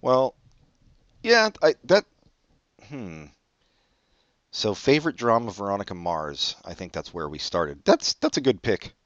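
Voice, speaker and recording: A man's voice: on the low side, sing-song, a little slow, long pauses, no room sound. A man co-hosting a casual podcast chat, laid-back and casually profane, asking questions. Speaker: podcast co-host. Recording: dull dry close-mic audio.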